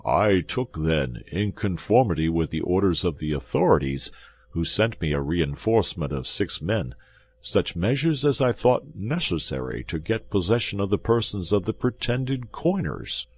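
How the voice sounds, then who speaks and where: A man's voice: low voice, big pitch swings, moderate pace, a little mellow, husky, full character voice. A man voicing a frightened innkeeper who pleads in a trembling, pitiable voice. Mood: anxious.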